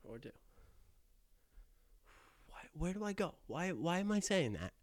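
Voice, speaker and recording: A man's voice: high voice, sing-song, unhurried, no room sound, clean studio sound. Stammering young man hosting a podcast. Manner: self-deprecating, stammering, jokey asides. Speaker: podcast host. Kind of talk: rambling comedic podcast monologue. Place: attic.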